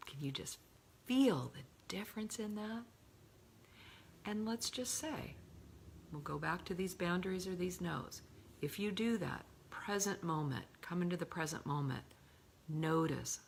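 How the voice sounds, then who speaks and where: A middle-aged woman giving a calm coaching talk, often slipping into a breathy whisper and stretching key words slowly. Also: lowish voice, slight background noise. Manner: slow, drawn-out emphasis on key words. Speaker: love coach.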